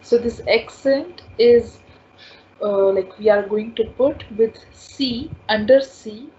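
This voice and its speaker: Slow, patient woman teaching a class. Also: on the high side, warm tone. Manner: slow, repetitive, spells out sounds patiently. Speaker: French teacher. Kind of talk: online language class. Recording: dull lo-fi class recording with faint noise.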